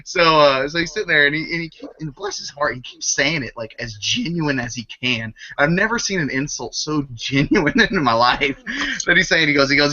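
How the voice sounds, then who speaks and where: Man, laughing storyteller, very bright tone, muffled lo-fi audio. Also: a little high, animated, a little fast. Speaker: podcast co-host. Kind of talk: casual chat. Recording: dull lo-fi webcast audio.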